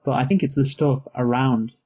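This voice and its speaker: A young man with a relaxed, dry manner, steering a casual movie review chat. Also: medium pitch, normal speed, husky, rough recording. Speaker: co-host of a movie review show.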